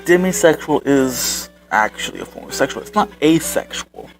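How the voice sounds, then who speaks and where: A man's voice: on the high side, expressive, moderate pace, faint music behind, low-quality recording. A man hosting a commentary video, reading out social media posts and answering them with sarcastic, exasperated remarks.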